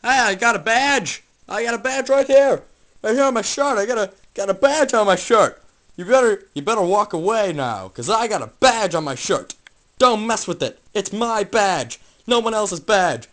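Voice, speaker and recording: A young man voicing a loud, boastful stranger who keeps shouting about the badge on his shirt. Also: high-pitched, animated, normal speed, voice pushed up. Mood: blustering. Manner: loud, repetitive, boastful yelling.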